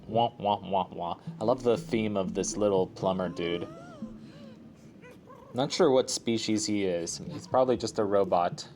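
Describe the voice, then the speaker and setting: A man's voice: lowish voice, normal speed, darkish tone, a little hiss or hum. A man casually commenting on a puzzle game as he plays, rambling through chatty asides full of filler words. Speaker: let's play host.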